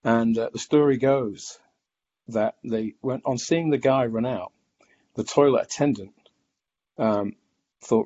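Man, reflective personal story, halting delivery, dark husky voice. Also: medium pitch. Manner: reflective, halting, many restarts and fillers. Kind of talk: personal testimony. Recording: dull lo-fi recording.

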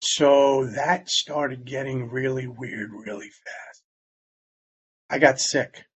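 A man telling a personal story in plain, halting words, sometimes dropping almost to a whisper. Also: medium pitch, slightly rough, lo-fi sound. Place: Long Island, New York.

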